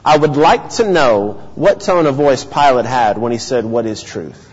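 Husky-voiced preacher in a reverberant hall. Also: male voice, medium pitch, very animated. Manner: earnest, measured teaching with rhetorical questions. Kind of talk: sermon. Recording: dull lo-fi audio with long hall reverb.

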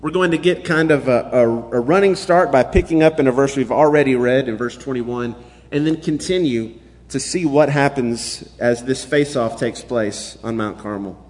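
A man's voice: medium pitch, normal speed, darkish tone, big-room sound. A man as pastor, preaching a sermon and reading scripture aloud in an earnest, emphatic way.

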